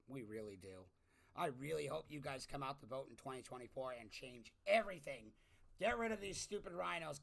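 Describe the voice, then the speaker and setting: A young man ranting through an exasperated political commentary, jumping from loud outbursts to low muttering. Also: creaky. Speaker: commentary vlogger. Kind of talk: opinionated political rant.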